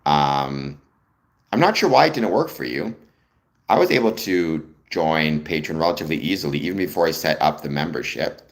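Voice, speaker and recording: A man's voice: rumbling low, animated, normal speed. A man from Canada, hosting a casual livestream, musing aloud and greeting viewers in chat with frequent ums. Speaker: livestream host.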